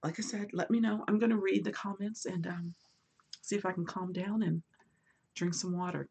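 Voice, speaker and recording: A woman hosts a relaxed book livestream from home, her voice husky with a gravelly fry underneath. She chats animatedly, reads viewer comments aloud and drifts between bright bursts and soft asides. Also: medium pitch, a little fast. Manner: swings between lively bursts and quiet asides. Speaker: booktube host. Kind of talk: casual livestream chat.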